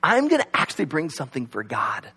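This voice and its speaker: A man doing a devout wealthy man, earnest and pleading, in a high voice that swoops up and down as he bargains. He sounds sincere and eager rather than greedy. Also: wildly swooping pitch, fast talker, bright, forceful tone, breathy edge, heavily acted. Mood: musing.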